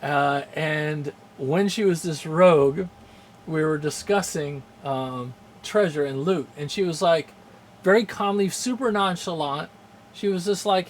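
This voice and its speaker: A man's voice: fairly high pitch, a little slow, slight background noise. A man casually chatting on a live stream, rambling with many fillers, chuckling often and greeting viewers in chat. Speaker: streamer hosting a game channel.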